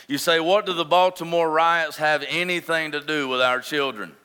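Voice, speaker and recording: A man in his thirties delivers an impassioned sermon in a high, ringing voice. His tone is bright and crisp, driving home points with repeated phrases. A long hall reverb trails every word. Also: fairly even intonation, moderate pace, hardly any pauses. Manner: impassioned, emphatic repetition, swings between loud and hushed. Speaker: pastor.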